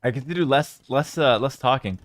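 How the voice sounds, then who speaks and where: A man streaming live esports commentary on a strategy match, reading out chat and swinging between loud hype and low, calm play calls. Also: fairly quick.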